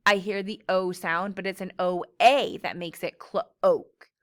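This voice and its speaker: A woman teacher leading a phonics lesson for young children, slowly and patiently sounding out each word. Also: mid-range voice. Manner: slow, patient, clearly sounding out words.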